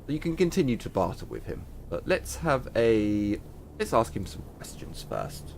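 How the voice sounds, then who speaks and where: A man's voice: mid-range voice, sing-song, moderate pace, vocal fry, slight background noise. Man mumbling through game commentary. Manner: casual, muttering asides, coughing. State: frog in his throat. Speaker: gaming video host. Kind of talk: let's play commentary.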